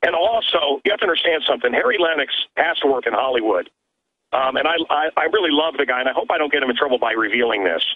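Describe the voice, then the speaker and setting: A man's voice: medium pitch, expressive, quick pace. A man calling in to a talk radio show as a guest host, talking emphatically and exasperated, stammering and restarting his sentences. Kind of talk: heated call-in talk radio. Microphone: phone. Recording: muffled lo-fi phone line.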